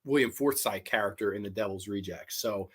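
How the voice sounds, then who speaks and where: A man's voice: on the low side, fairly quick, a bit bright, husky. A man hosting a casual horror livestream, reading chat aloud and chatting while snacking on candy. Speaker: livestream host.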